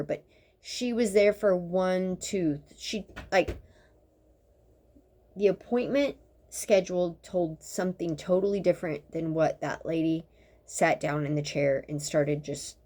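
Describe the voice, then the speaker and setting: A woman in her fifties, a dental practitioner, talking casually in a slightly low voice. She vents in a blunt, sarcastic way, swearing freely and rambling from one exasperated story to the next. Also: measured pace, mellow. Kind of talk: casual venting monologue.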